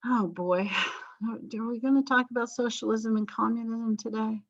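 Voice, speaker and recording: A woman's voice: on the high side, steady tone, moderate pace, no echo. Chatty woman history teacher, dull dry recording. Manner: chatty, rambling, self-deprecating asides. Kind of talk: recorded class lecture.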